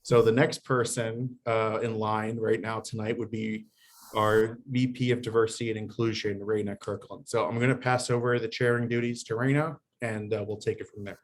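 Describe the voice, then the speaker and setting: Club president running a meeting; halting, filler-heavy delivery over faint background noise. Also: male voice, lowish voice, little pitch movement. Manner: halting, many fillers and restarts. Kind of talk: meeting chair's announcements.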